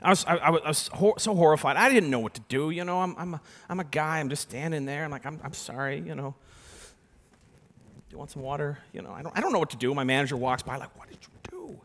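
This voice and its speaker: A young adult man giving a conference keynote, telling a story with sudden loud and soft turns on a stage microphone. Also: fairly high pitch, fast. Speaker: keynote speaker. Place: large conference hall. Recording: long hall reverb.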